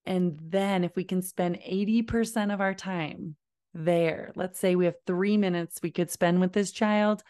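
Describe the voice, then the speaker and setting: Calm, unhurried woman parenting educator with a lowish voice, deliberate delivery. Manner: calm, deliberate, models slow low phrases. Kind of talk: instructional talk to camera.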